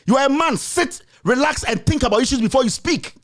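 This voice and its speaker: A man's voice: very high voice, expressive, a little fast. A man with a Ghanaian accent hosting his own show, delivering an angry, scolding political rant full of repeated insults. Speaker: political commentator and show host.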